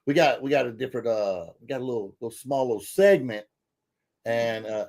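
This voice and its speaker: A man hosting a podcast in casual, folksy chat, full of fillers and bursts of excitement. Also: medium pitch. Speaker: podcast host.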